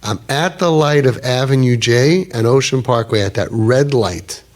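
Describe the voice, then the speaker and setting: A man's voice: mid-range voice, normal speed. A man in his fifties telling a personal story animatedly, peppered with Yiddish and Hebrew words. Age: 50s. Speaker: storyteller speaker.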